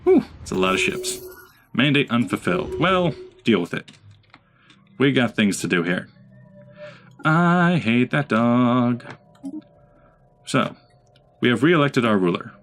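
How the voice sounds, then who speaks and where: A man's voice: medium pitch, big pitch swings, slow pace, pauses often, fairly bright tone, slight background noise. A man giving casual gameplay commentary as a let's play host, chatting and talking to his units. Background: game music.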